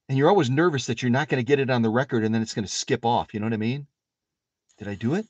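A man from Wisconsin hosting a casual live stream from his home workshop, chatting to his viewers in an animated way. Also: mid-range voice, fast talker, no room sound. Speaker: live-stream host of a sewing machine restoration channel.

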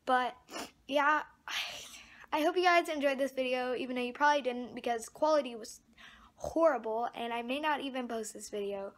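A teenage girl with a high voice rambles into her phone camera, annoyed and apologetic by turns. She sounds a little stuffed up. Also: fairly quick, fairly bright tone. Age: teens. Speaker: vlogger. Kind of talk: casual vlog talk to camera.

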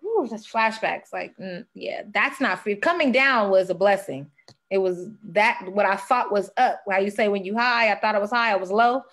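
A woman's voice: medium pitch, normal speed, fairly bright tone. A young woman speaking as a podcast guest, sharing an earnest personal testimony and fighting back tears.

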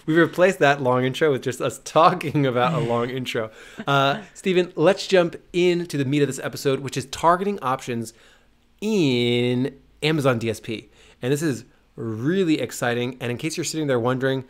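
Upbeat, energetic male podcast host. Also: medium pitch, normal speed. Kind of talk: casual podcast chat.

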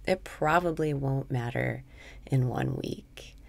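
Deep gravelly woman's voice, slow soothing meditation, bits of whisper. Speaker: meditation guide. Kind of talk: guided meditation.

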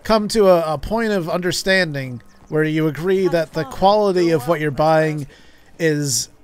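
A man's voice: on the high side, unhurried. A man streaming a game, telling a long story in a rambling way with many restarts. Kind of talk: casual gameplay commentary.

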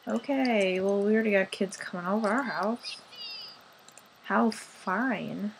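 A young woman talks through her game at a leisurely pace, playful and chatty. Her voice sits a bit high. A faint noise floor hums under the recording. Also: measured pace, poor audio. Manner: chatty, playful, sighing over game moments. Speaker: gaming channel host. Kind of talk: casual gameplay commentary.

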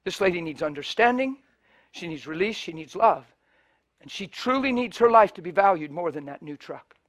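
High-voiced animated male preacher. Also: moderate pace. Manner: animated, shifts between loud emphasis and soft hushed storytelling. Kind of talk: sermon with storytelling.

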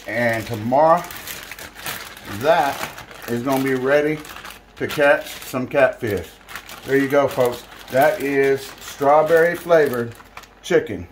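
A man's voice: medium pitch, background noise. A man hosting a casual how-to fishing video, chatty and folksy as he talks to viewers. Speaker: fishing channel host. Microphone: camera mic, filmed by a helper.

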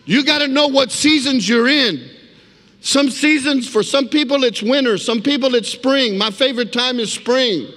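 A man's voice: very high voice, sharp tone. A man giving a guest sermon with his personal testimony, telling the story vividly and emphatically and calling the congregation for amens. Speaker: guest speaker. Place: church sanctuary. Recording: echoey church hall.

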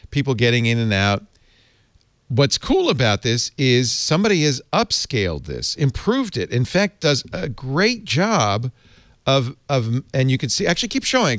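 A man hosting a casual tech panel chat, animated and laughing often as he talks. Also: mid-range voice, dry recording, clean studio sound. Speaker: host.

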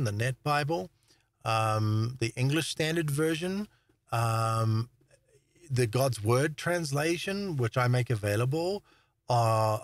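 A man leads an informal Bible talk at an ordinary mid pitch, pressing hard on key words and often pausing to ask "all right?" The sound is dry and close, with no room echo. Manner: emphatic, repeats words for stress, asks "all right?". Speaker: Bible teacher.

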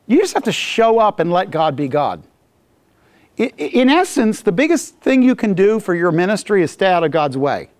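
A Bible teacher giving a casual, joking classroom lecture and acting out the scenes while reading the text. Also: medium pitch. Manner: jokey and conversational, acting out scenes.

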